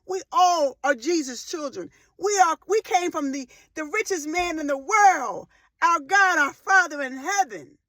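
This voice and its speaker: A woman in her forties giving a faith-based motivational talk, emphatic and impassioned, repeating phrases for weight and breaking into loud emotional bursts. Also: high voice, animated, a little slow, no echo. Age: 40s. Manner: rises to loud emotional outbursts. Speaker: motivational speaker.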